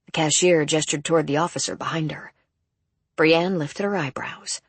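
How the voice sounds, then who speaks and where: Female audiobook narrator, husky low voice, measured delivery, dry close sound. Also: dry recording. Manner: even, measured storytelling.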